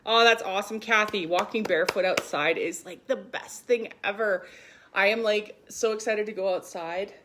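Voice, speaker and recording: A woman in her thirties from Canada talks on a casual live stream as a spiritual coach. She is chatty and upbeat, reads viewer comments aloud, and sounds a little short of breath. Her voice sits at a middle pitch. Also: steady tone, moderate pace, noisy background.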